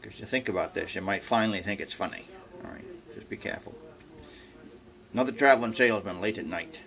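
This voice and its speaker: A man's voice: on the low side, quick pace, gravelly, a bit bright. An older man telling folksy farm jokes at home, rambling with lots of fillers and acting out the characters. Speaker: joke teller. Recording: faint background noise.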